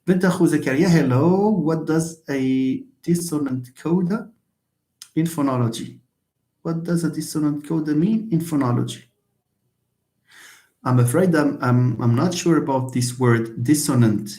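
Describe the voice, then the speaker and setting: A man's voice: on the high side, a little slow, dark tone, reverberant. A man lecturing on linguistics in an online question-and-answer session, explaining patiently and repeating points. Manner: explanatory, repeats himself, mixes in Arabic phrases. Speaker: university English lecturer.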